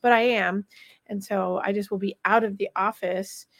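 A woman hosting a show in a studio, chatting casually with quick asides and laughter. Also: mid-range voice, fairly even intonation, creaky, no room sound. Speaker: show host.

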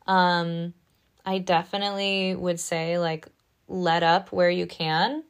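A woman giving a casual spoken tarot reading in a gentle, reassuring, chatty way, often tagging her lines with "right?". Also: fairly low pitch, level tone, slow, clean tone. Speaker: tarot reader.

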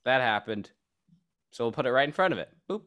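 A man's voice: medium pitch, expressive, a little fast, fairly bright tone, dry recording. A young man co-hosting a casual podcast, upbeat and teasing. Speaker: podcast co-host. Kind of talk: casual chat.

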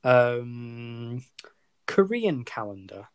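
A man's voice: mid-range voice, very animated, drawn-out words, clear, resonant tone. A British man hosting a casual chat, quizzing and teasing his co-host and laughing easily. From Britain. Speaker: podcast co-host.

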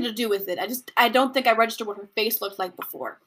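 A woman's voice: fairly even intonation, fast, hardly any pauses, fairly bright tone, husky. A young adult woman hosting a casual commentary podcast from home, chatting in a rambling way. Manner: chatty, rambling, with mocking high-pitched impressions. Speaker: podcast host.

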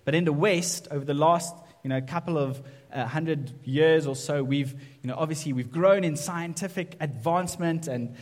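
Higher-voiced male preacher in a reverberant hall. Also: normal speed, hardly any pauses. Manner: conversational preaching, tags points with "right?". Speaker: pastor. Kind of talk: sermon.

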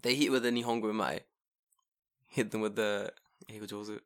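A man's voice: lowish voice, steady tone, brisk. A man with a London accent, hosting a podcast in casual chat, swearing often and laughing at his own stories. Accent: London English. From London, England. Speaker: podcast host.

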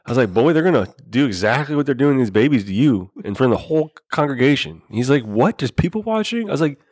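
On a podcast recorded with clean studio sound and no echo, an adult father tells crude stories in a casual chat, talking very fast at medium pitch. He's an animated storyteller who acts out the dialogue as a father.

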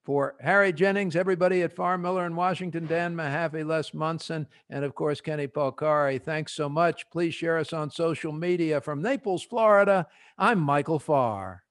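A man with a New Jersey accent hosting a podcast panel, animated and joking as he prods his guests with quick questions. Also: a little high. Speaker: podcast host. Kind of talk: casual panel discussion.

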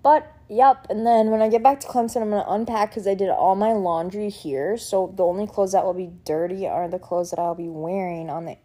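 Young woman rambling to her vlog camera, soft mellow voice, lots of likes and ums, sentimental. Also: medium pitch, steady tone, fairly quick, few pauses. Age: young adult. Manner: chatty and sentimental, full of fillers. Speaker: vlogger. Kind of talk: casual chat.

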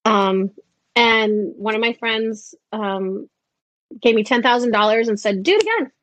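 A woman in her fifties chatting as a guest in an interview, animated and acting out the voices she quotes. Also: medium pitch, slow pace, no echo, dull audio. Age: 50s. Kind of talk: casual interview chat.

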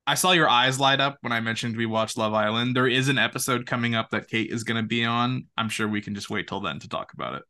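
A young man co-hosting a podcast, telling stories in a lively, laughing way. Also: medium pitch, quick pace, few pauses. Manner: animated, laughing, quotes friends in voices. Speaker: podcast co-host. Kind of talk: casual chat, storytelling.

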